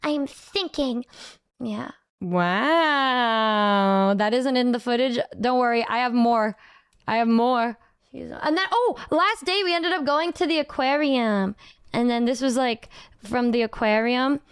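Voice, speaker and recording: Bubbly streamer girl in her 20s, high voice, super smooth, rambles and repeats herself. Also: normal speed. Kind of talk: casual chat with stream viewers.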